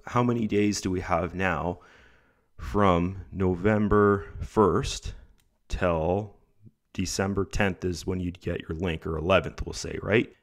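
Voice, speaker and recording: A young man with a somewhat low voice, under the weather and a bit rough in the throat. He talks in a loose, chatty vlog style and slips into pep-talk encouragement, nudging his viewers with "guys" and "right?". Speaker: online income vlogger. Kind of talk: casual talk to camera over screen recording.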